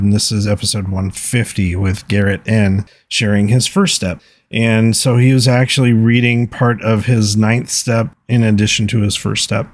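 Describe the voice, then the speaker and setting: Low-voiced man hosting a recovery podcast. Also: darkish tone, no room sound. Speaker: podcast host. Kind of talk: solo podcast talk, reading listener comments.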